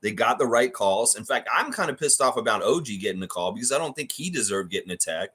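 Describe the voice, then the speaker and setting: A man's voice: mid-range voice, lively intonation, fast talker, a bit bright, husky. A man hosting a fan reaction livestream, ranting in a heated, profane, mocking way.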